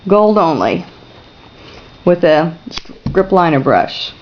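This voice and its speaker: A woman's voice: fairly low pitch, big pitch swings, slow pace, highs cut off, slight background noise. A woman teaching a painting class, talking viewers through each brush stroke and checking in with them. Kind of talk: step-by-step painting demonstration.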